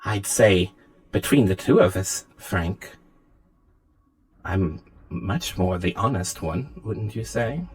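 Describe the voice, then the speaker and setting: A man voicing a scheming female AI with a polite, quietly menacing manner. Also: lowish voice, animated, takes it slowly, long pauses, husky, pitched below the performer's own voice, exaggerated voice. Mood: sly. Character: scheming female AI, smug and falsely sweet.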